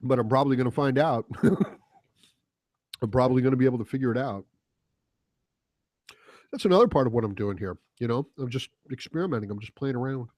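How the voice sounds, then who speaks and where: A man's voice: mid-range voice, quick pace, pauses often, darkish tone, dry recording, studio quality. A man hosting a casual solo podcast, rambling and profane, chuckling often as he talks. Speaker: podcast host.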